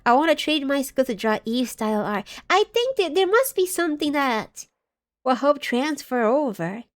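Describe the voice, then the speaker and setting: A woman's voice: high-pitched, big pitch swings, normal speed. A woman streaming a game live, chatting casually and reading chat aloud, scattered and giggly as she loses her train of thought.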